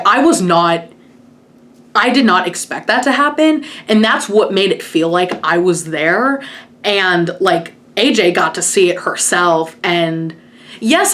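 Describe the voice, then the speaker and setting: A woman's voice: lowish voice, a bit bright. A woman vlogger telling a personal story in a chatty way, full of "like" and retold conversations. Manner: chatty, full of "like" and quoted retellings. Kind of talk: casual storytelling to camera.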